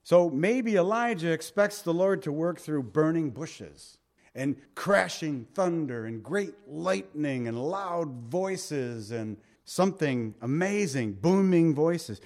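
A man preaching a sermon, swinging between loud emphatic lines and hushed soft ones. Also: a little high, expressive, unhurried. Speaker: pastor.

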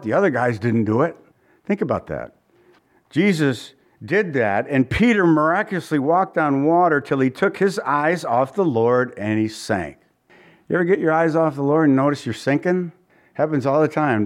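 Male preacher, slightly high voice, very animated delivery with wide swings, questioning his listeners. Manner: animated preaching, rising high for quotes and dropping low for emphasis. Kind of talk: sermon.

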